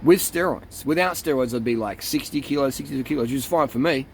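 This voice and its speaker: Man, middle-pitched, with a faint hum of passing vehicles; blunt, profane coach ranting casually to camera. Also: quick pace, vocal fry. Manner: jumps into mocking impressions of others. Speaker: cycling coach and vlogger.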